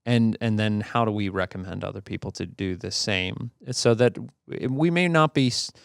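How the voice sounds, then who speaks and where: A man's voice: fairly low pitch, normal speed, creaky, smooth, no echo, studio quality. A man co-hosting a podcast, telling a story in an easygoing way with fillers and restarts. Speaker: podcast co-host. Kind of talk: casual conversational storytelling.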